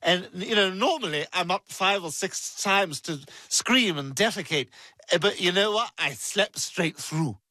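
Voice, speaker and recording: A man's voice: sits high, lively intonation, a little slow, sharp tone, no echo, full character voice. A man voicing a pompous, bossy infant boy who is tipsy and giggly.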